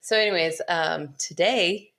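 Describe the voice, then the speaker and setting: A woman's voice: fairly low pitch, unhurried, gravelly, fairly bright tone. A woman co-hosting a podcast, telling a story in a rambling, giggly way. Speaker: podcast co-host. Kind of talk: casual chat, storytelling.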